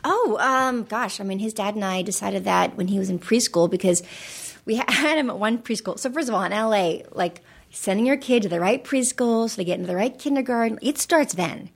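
A middle-aged woman telling stories in casual conversation, animated, often acting out the voices of people in her anecdotes. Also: medium pitch, fairly quick, vocal fry. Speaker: guest.

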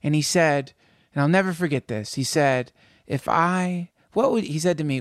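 A man co-hosting a podcast, telling stories in an animated, jokey, emphatic way. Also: on the high side, moderate pace, no echo, studio quality. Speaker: podcast co-host. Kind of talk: casual chat.

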